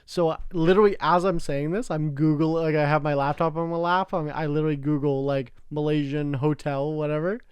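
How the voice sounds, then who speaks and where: Smooth-voiced young man telling stories. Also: fairly high pitch, a little fast, hardly any pauses, dry recording, dull audio. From Canada. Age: young adult. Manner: animated storyteller, swears freely. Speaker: podcast host. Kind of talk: casual podcast chat.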